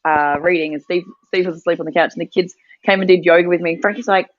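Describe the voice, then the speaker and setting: A woman's voice: lowish voice, steady tone, quick pace, no room sound, muffled recording. A woman co-hosting a morning mindset session, telling a family story in a chatty, rambling way and laughing often. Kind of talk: casual chat, storytelling.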